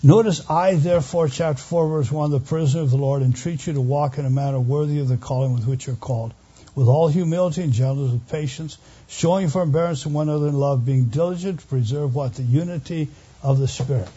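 Older male pastor with a dark, husky voice. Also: a little high, fast talker, muffled recording. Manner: earnest preaching, swells louder on key phrases then drops quiet. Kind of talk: sermon.

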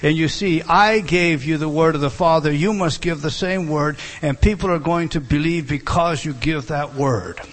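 A man's voice: on the high side, moderate pace, few pauses. A man giving a verse-by-verse Bible lesson, emphatic, with chatty asides to his class. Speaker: Bible teacher.

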